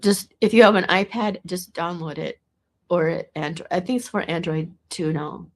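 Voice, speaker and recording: A woman's voice: fairly low pitch, normal speed. A woman talking in a casual, meandering monologue to the camera, restarting and repeating words as she goes. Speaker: vlogger.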